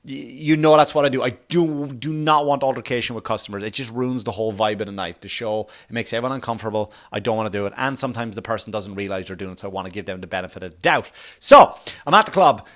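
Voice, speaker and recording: A man's voice: fairly low pitch, fast, fairly bright tone. A male comedian hosting a podcast, telling a rambling, profane story in a comedic monologue.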